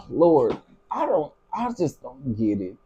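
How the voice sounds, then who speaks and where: Middle-aged male stream host, husky and a touch high, exasperated ranting commentary. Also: wildly swooping pitch, slow, a little mellow. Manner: exasperated, ranting, talks back to chat. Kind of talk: casual live commentary.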